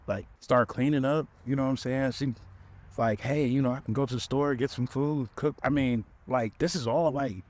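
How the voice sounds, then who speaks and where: Man telling a funny dating story. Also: mid-range voice. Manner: animated storyteller, talks right to listeners. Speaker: podcast host. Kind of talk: comedic dating story time.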